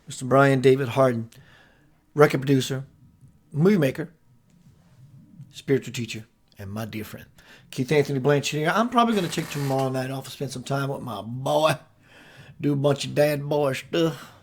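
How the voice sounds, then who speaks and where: A man's voice: mid-range voice, moderate pace, long pauses. A man hosting a talk show, speaking in a playful, effusive and affectionate way with his guest. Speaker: host.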